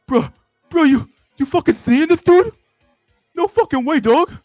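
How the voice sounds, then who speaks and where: A man's voice: very high-pitched, lively intonation, a little slow, darkish tone, no echo, clean studio sound, soft background music, pitched above the performer's own voice. A man voicing a dim-witted, eager male fish who talks like a bro and keeps saying "bruh" and "dude.". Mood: hyped, excited. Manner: repeats "bruh" and "dude" constantly.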